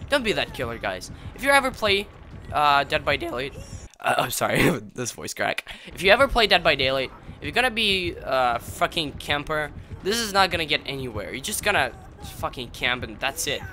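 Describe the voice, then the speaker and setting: A man's voice: fairly high pitch, pushed and bright. A young man giving gaming commentary while he plays, swearing a lot and ranting in frustration. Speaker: gameplay video creator.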